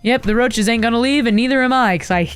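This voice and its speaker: A woman streamer giving casual gameplay commentary, excitable and melodramatic with sarcastic asides. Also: a little high, quick pace, smooth, faint music behind. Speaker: gaming streamer.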